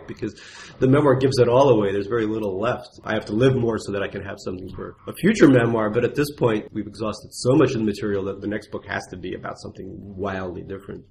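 A middle-aged man from Russia with a Russian accent, an author talking quickly and self-mockingly in an interview at his apartment, with lots of restarts. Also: lowish voice, gravelly, darkish tone, slight background noise. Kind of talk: conversational interview.

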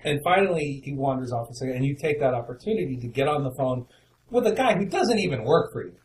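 A man hosts an interview, laying out his questions in a measured, thoughtful way. He speaks conversationally and works through his points before handing over. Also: mid-range voice, lively intonation, slight background noise, poor audio.

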